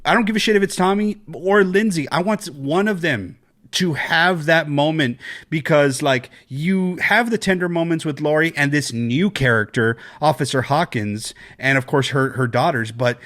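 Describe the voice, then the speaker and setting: Excitable male podcast co-host. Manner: animated, excitable, swears, jumps to high pitch when quoting. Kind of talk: casual podcast chat.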